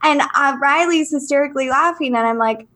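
Higher-voiced mom chatting on a podcast. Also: female voice, brisk, fairly bright tone. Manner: candid storytelling, acts out quotes. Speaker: podcast co-host. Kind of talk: casual chat.

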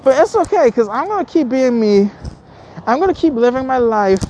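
A woman vlogger launches into a heated rant at her viewers, angrily repeating herself, stumbling through restarts and swearing constantly. Her high voice is mellow and sing-song at a moderate pace. There's a little hiss or hum.

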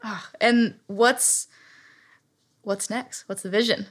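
A woman's voice: medium pitch, fairly even intonation, slow, slightly rough. A woman hosting a live podcast interview, asking questions and backing the guest with short affirmations. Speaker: podcast host.

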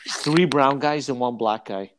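Animated young man telling a story. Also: medium pitch, unhurried, no echo. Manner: animated storyteller, acts out quotes. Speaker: podcast co-host. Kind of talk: casual podcast chat.

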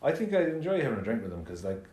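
A man's voice: mid-range voice, big pitch swings, very fast, darkish tone. An Irish man chatting on a podcast in an easygoing, laid-back way. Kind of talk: casual chat. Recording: echoey room.

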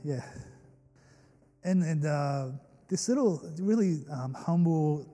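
Taking it slowly, a young adult pastor from Australia tells stories through his sermon in a warm, fairly high, animated voice. He is earnest and emotional, full of fillers and restarts, and the church hall gives him a long reverb.

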